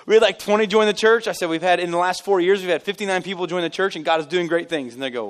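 In a voice that sits high, this lead pastor talks rapid-fire with few pauses during a church service. His sermon is casual and joking, an animated run of stories in which he pokes fun at himself for his congregation.

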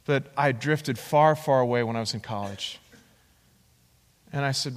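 A man preaching a sermon, telling his own story in an animated way and acting out the voices of the people in it. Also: mid-range voice, measured pace, pauses often. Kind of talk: sermon with personal testimony. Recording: long hall reverb.

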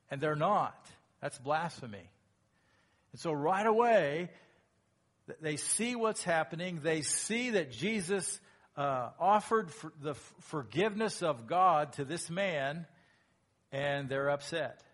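A man preaching a sermon as pastor, lively and emphatic, acting out quoted lines in a raised voice. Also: on the high side, measured pace.

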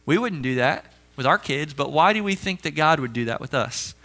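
High, bright-voiced conversational male pastor. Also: normal speed. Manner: conversational, animated storytelling preacher. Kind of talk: sermon.

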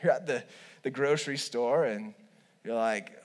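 A male pastor preaching a sermon, telling stories with humorous asides and lively swings between loud and quiet. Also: mid-range voice, unhurried. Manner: humorous, animated storytelling with asides.

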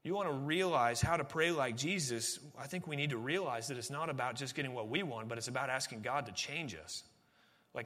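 A man, a pastor, preaching a sermon earnestly, pushing phrases up with emphasis and then dropping to a quieter, intimate tone. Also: mid-range voice, in a large hall.

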